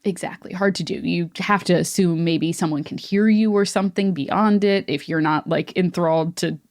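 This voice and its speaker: A woman's voice: lowish voice, moderate pace, darkish tone. A woman co-hosting a podcast, relaying folklore in a chatty, lightly amused way. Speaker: podcast co-host. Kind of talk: casual chat.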